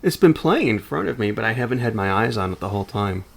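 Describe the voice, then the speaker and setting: A man's voice: on the low side, very animated, quick pace, gravelly. Male co-host, loose jokey podcast talk, trails off and restarts a lot. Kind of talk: casual chat.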